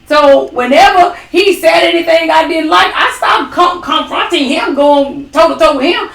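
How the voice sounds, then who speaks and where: A woman's voice: sits high, normal speed, creaky, hardly any pauses, fairly bright tone, recorded from a distance. A woman co-hosting a ministry talk, giving an emphatic testimony with dramatic quoted asides. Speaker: ministry co-host. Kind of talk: testimony-style faith talk. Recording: echoey room, away from the mic.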